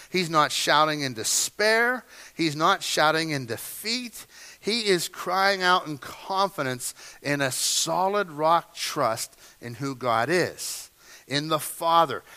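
Pastor, male, bright and fairly high voice, emphatic sermon delivery. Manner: emphatic preaching, swinging from hushed to loud.

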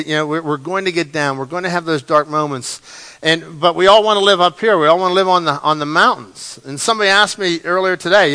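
A man preaching a sermon as pastor, animated, often repeating his words and acting out the lines of the story. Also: fairly high pitch, smooth.

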